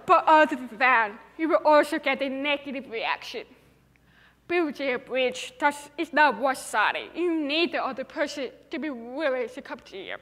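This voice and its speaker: A woman's voice: high-pitched, animated, normal speed, fairly bright tone, slight background noise. A young woman with a deaf speaker's accent, giving an earnest, emphatic inspirational talk on stage. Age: young adult. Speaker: TEDx speaker. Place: large hall. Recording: reverberant hall.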